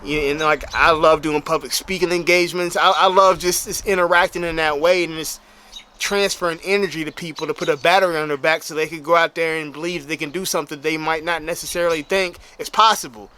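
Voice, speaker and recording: A man's voice: a little high, steady tone, a little fast, sharp tone. A man, a bodybuilder, telling a story in a casual, slang-heavy way that is full of "you know what I'm saying.". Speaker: bodybuilder and motivational speaker.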